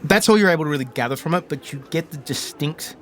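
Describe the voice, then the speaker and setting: A man's voice: fairly high pitch, lively intonation, quick pace, a bit bright. A man narrating a tabletop role-playing game as the game master, describing scenes with many fillers and restarts.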